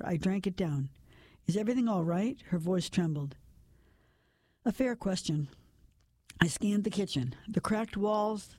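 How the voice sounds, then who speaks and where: A woman narrating a first-person story, reading it in a measured, steady way. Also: fairly low pitch, no room sound.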